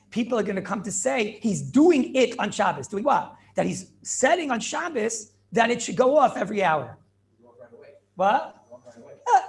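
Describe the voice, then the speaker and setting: Animated rabbi, high gravelly voice. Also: male voice. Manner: animated questioning, answers his own questions, repeats phrases. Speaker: rabbi teaching a class. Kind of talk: Talmudic class lecture with back-and-forth questions.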